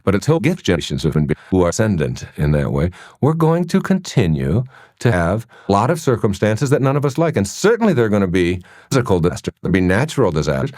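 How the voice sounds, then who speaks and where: A man giving a motivational lecture, telling stories and asking rhetorical questions. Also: sits low. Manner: animated storytelling with rhetorical questions. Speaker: motivational speaker.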